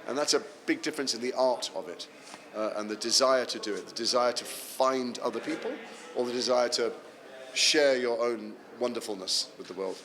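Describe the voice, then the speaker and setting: English man telling lively anecdotes. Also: medium pitch, moderate pace. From England. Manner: animated anecdotal storytelling, self-deprecating humour. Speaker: actor answering fan questions. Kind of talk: convention panel Q&A.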